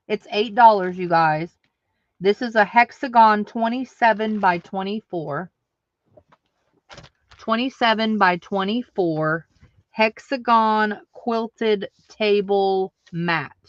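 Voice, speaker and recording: A woman's voice: mid-range voice, slow, dry recording, highs cut off. A woman hosting a live online craft sale, chatting casually and answering viewer comments aloud. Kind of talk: casual live-selling chat.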